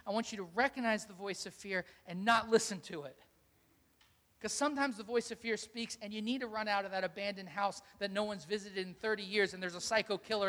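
High-voiced man preaching in a reverberant hall. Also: fairly bright tone. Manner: emphatic preaching with repeated rhetorical questions. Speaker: pastor. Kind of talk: sermon.

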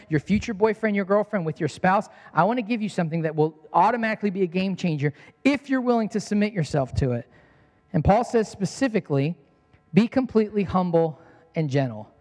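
High-voiced preaching man in a reverberant hall. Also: a little mellow. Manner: earnest preaching with repeated phrases. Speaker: pastor. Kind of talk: sermon.

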